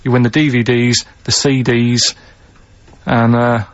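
A man's voice: medium pitch, little pitch movement, measured pace, no echo, highs cut off. A man co-hosting a casual radio show, explaining things in a plain, matter-of-fact way. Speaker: radio co-host.

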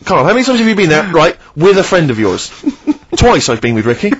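A man's voice: a little high, very animated, background noise. A man co-hosting a comic radio show, exasperated and mocking as he teases a colleague. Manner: exasperated, mocking, quick to mimic others. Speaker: radio co-host. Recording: slightly dull radio studio sound.

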